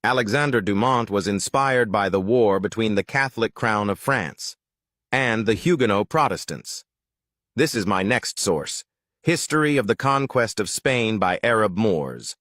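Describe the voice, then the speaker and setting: A man's voice: lowish voice, expressive, a little slow, fairly bright tone, dry recording, clean studio sound. A man presenting a history argument, reading out quotes from his sources in a declarative way. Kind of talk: lecture-like narration.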